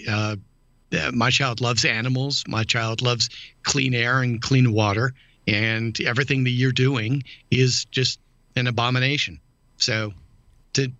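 A man co-hosting a podcast, chatty and quick to laugh in casual conversation. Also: medium pitch, fairly even intonation, sharp tone, no room sound, lo-fi sound. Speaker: podcast co-host. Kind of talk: casual chat.

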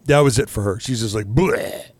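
A man's voice: fairly low pitch, quick pace, dry recording. A man chatting casually on a podcast, telling stories animatedly, swearing and acting out his own reactions. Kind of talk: casual chat.

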